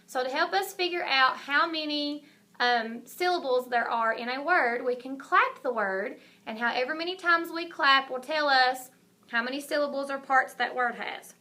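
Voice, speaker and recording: A kindergarten teacher talks to young children in a recorded video lesson. She speaks slowly and clearly, in a high, bright voice that keeps the talk encouraging.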